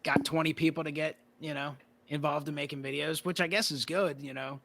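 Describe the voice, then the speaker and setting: A male card-collector guest in a casual conversation, relaxed and rambling with plenty of "you know" fillers. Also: fairly high pitch, brisk, gravelly, noisy background.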